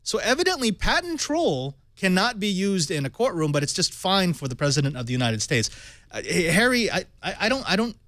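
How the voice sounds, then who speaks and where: Lively, animated male tech show host. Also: high voice, brisk, no room sound. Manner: animated, rising and falling questions. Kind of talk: panel tech talk show.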